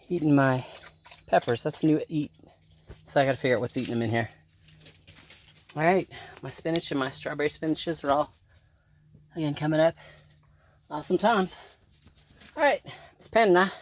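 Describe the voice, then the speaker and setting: At medium pitch and normal speed, pausing often, a gardening vlogger chats to camera while working outdoors among the garden beds and a hoop tunnel. The talk is thinking-aloud, full of ums, shot on a handheld phone.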